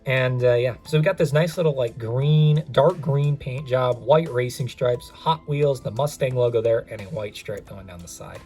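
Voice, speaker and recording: A young man talks through a toy car review in a loose, rambling way. He keeps drifting into asides and pokes fun at himself. His voice sits at an ordinary middle pitch, with faint music underneath. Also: normal speed, hardly any pauses, darkish tone. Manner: chatty, rambling, self-mocking asides. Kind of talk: casual unboxing review.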